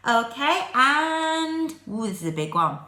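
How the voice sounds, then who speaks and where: A woman teaching phonics to young children, sounding out letters slowly and clearly, with an English accent. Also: high-pitched, sing-song, sharp tone, reverberant.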